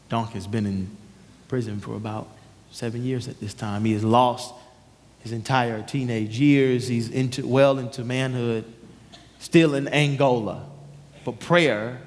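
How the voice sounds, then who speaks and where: A man preaching a sermon as a story, animated and emphatic. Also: medium pitch. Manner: animated, emphatic, acts out voices. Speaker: pastor. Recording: long reverb of a large hall.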